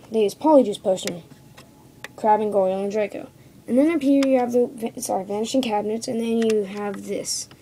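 A woman with a dark-toned voice on the high side rambles casually through a show-and-tell review of a toy set, frequently correcting herself and finishing lines with "okay?". She's recorded indoors at home on a phone camera, and the audio is poor, with a little hiss or hum.

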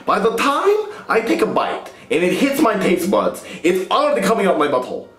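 Man playing a gluttonous male ogre, whiny, groaning, lively pitch, roomy echo. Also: a little fast. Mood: lecturing. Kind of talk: puppet comedy skit. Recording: echoey room.

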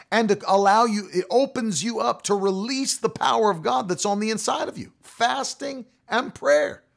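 An impassioned male preacher with a fairly high voice. He hammers his points through repetition and slows down on key phrases for weight, in a classic sermon delivery. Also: gravelly, a bit bright. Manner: emphatic, repeating key phrases.

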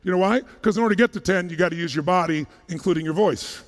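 Brief: male motivational speaker, pitched high, punchy crowd work, joking, booming hall reverb. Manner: punchy, fires rapid questions at the crowd; casual, jokey, a little profane. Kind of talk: energetic stage talk to a live audience. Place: large conference hall.

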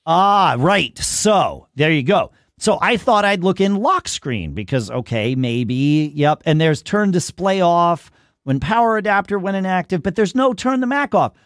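A man hosting a casual tech podcast, talking in an animated way and ranting in mock exasperation. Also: high voice, a little slow, no room sound, studio quality. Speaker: podcast host.

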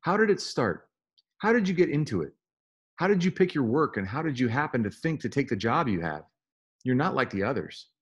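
A man reads a novel aloud, voicing a curious, dreamy teenage girl who eagerly fires off one question after another. His mid-range voice swings widely in pitch, moves briskly, and has a breathy edge. The mood is earnest, full of eager wonder.

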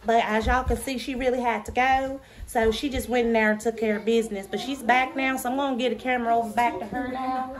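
Woman goofing for the camera, high voice, noisy crowd all around. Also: steady tone, fast, few pauses. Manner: playful, shouting out to viewers. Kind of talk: joking greetings to the camera.

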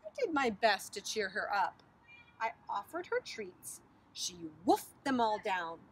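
A preschool teacher reading a picture book aloud outdoors on a bridge over a creek, with expressive storytelling. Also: female voice, medium pitch, unhurried, a little hiss or hum, rough recording.

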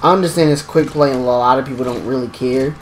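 A young man giving excitable live commentary while playing a game, exclaiming and talking to himself. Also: mid-range voice, quick pace, a little hiss or hum, low-quality recording. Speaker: gaming streamer.

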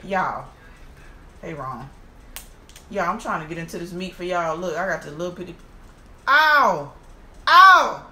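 A woman's voice: fairly low pitch, normal speed, pauses often, reverberant, slight background noise. A woman hosting a casual eating vlog, exclaiming and talking to her viewers as she eats. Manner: animated, exclaiming, addresses viewers as y'all. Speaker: mukbang host.

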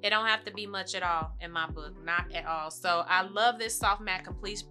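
A young woman walks viewers through her makeup in a chatty, fast-running way and laughs easily. Her voice is very bright and clear. Soft music plays underneath. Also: fairly low pitch. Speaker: beauty vlogger. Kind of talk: casual makeup tutorial.

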